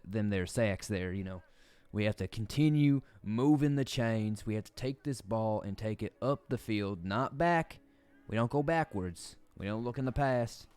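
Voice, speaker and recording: A man's voice: on the low side, a little mellow, smooth, dry recording, close to an everyday voice. Man putting on a drawling Southern football coach. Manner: drawling, homespun pep talk. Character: folksy Southern male high school football coach.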